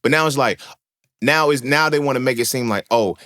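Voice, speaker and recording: A man's voice: medium pitch, brisk, bright, forceful tone. A young man hosting a podcast, talking in a casual monologue, slangy, profane and emphatic as he tells stories. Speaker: podcast host.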